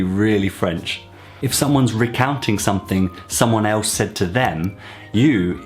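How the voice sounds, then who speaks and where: Low-voiced man teaching a language lesson. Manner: clear explanatory teaching, repeats phrases slowly. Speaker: French teacher.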